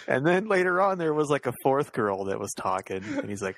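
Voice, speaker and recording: A man's voice: mid-range voice, normal speed, pauses often. A man co-hosting a podcast, telling school stories in casual chat and laughing as he goes. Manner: animated anecdote-teller who laughs through his stories. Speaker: podcast co-host.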